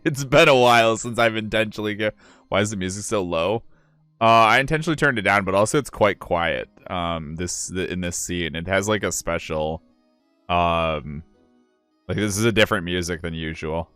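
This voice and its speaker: Young man, low voice, animated, casual game chatter, dry close mic. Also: moderate pace, clean tone, no room sound, soft background music. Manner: chatty, laughing, thinks aloud. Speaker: game streamer voicing characters.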